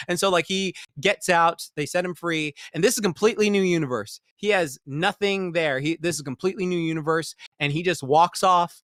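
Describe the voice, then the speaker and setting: A man's voice: a little high, a little fast, hardly any pauses, a bit bright, no room sound, studio quality. A man hosting a podcast, chatting casually about a movie in a profane, rambling way, mocking the characters in quoted voices. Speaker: podcast host. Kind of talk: casual movie review chat.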